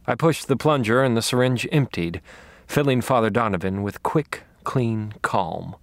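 A man narrating a first-person thriller audiobook in a calm, measured, quietly menacing way. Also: mid-range voice, no room sound.

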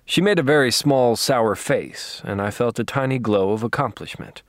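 A man narrating an audiobook in a dry, wry, deadpan manner. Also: medium pitch, moderate pace, few pauses, dry recording.

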